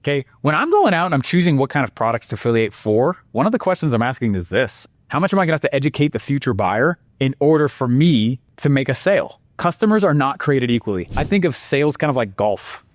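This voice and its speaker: A man presenting a marketing lesson with energetic, animated storytelling and exclamations. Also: mid-range voice, fast talker, few pauses, dry recording.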